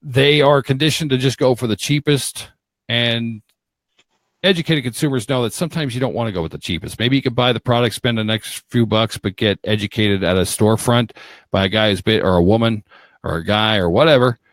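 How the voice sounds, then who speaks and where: A middle-aged man runs a casual live talk show from a video call. His voice sits at a mid pitch and sounds dry and close. He rambles and jokes freely, often talking over his guests. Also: a little fast, no room sound. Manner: rambling, joking, talks over others. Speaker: host.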